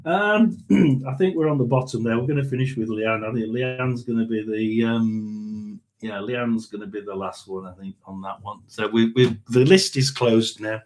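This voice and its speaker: A middle-aged man doing a casual tarot and spirit box reading, rambling and halting with frequent ums and throat clearing. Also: lowish voice, darkish tone.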